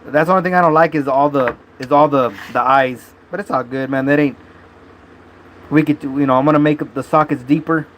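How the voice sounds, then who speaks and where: A man's voice: a little high, fairly even intonation, a little fast, slight background noise. Laid-back slangy man on a live stream. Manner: loose, rambling, casual slang and cursing. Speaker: livestream host. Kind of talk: casual live-stream chat.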